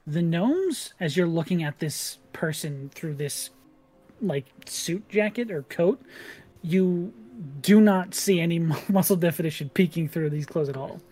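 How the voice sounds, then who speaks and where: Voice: mid-range voice, unhurried, dark tone, faint music behind. A game master narrating a tabletop game in a casual, descriptive way with frequent fillers.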